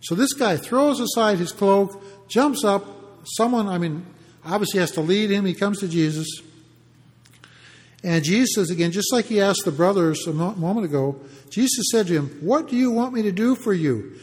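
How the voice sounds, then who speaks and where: Man, high voice, conversational Bible sermon, explanatory, long hall reverb. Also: moderate pace. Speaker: preacher.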